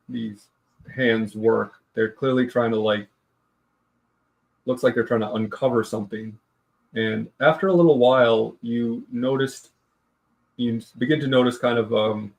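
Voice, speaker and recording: A man narrating a tabletop game as dungeon master, halting and full of pauses. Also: on the low side, vocal fry, darkish tone.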